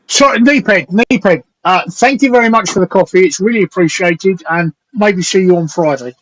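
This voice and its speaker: A man hosting a late-night live stream chat, slightly hoarse, rambling and crude as he reads out viewer comments. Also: high voice, moderate pace, a bit bright, dry recording, poor audio. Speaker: talk show host.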